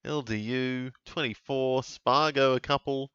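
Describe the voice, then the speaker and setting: A man's voice: mid-range voice, steady tone, measured pace, fairly bright tone, smooth, dry recording. A man hosting a live fantasy sports watch-along, chatting and exclaiming as plays happen. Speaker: host. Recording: dull lo-fi dry mic sound.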